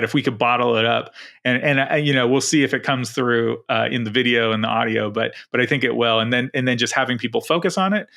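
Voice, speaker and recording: A man's voice: mid-range voice, creaky, sharp tone. A middle-aged man co-hosting a podcast, talking casually and rambling with many restarts. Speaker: podcast co-host.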